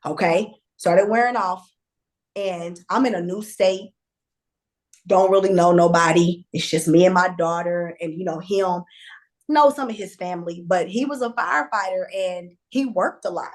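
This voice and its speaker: A woman guest telling a candid personal story in a conversational, animated way, with fillers and restarts. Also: lowish voice, normal speed.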